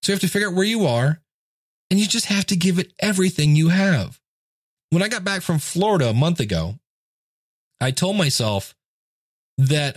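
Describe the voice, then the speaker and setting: Speaking at a moderate pace with lively intonation and frequent pauses, a man in his fifties gives an informal motivational talk. He tells stories and acts out quoted voices in a fairly high pitch, captured in studio quality without echo.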